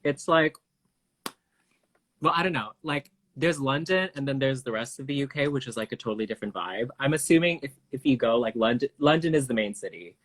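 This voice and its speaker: Casting: chatty male live-stream host, mid pitch, loose filler-heavy talk. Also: fairly quick, a bit bright. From Canada. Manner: chatty, many fillers, laughs easily. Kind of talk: casual chat. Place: home, video live stream.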